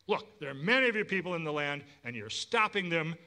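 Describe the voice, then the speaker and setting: A man's voice: on the high side, sing-song, brisk, pushed and bright, exaggerated voice. A man preaching voices a scornful, proud male Egyptian king who sneers and mocks. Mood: dismissive. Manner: sneering, mocking.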